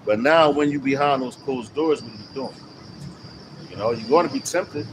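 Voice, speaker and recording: A man's voice: medium pitch, moderate pace. A man street preaching in loose, slangy talk, cursing as he explains scripture outdoors. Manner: slangy, swearing, loose and conversational. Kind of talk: street preaching with casual commentary. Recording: noisy street with traffic. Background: traffic noise.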